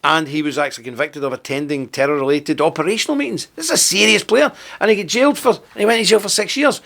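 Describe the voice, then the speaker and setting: A man's voice: on the high side, fast talker, vocal fry, a bit bright. A man giving a heated, scornful video commentary, sarcastic and full of contempt as he rants. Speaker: political commentator.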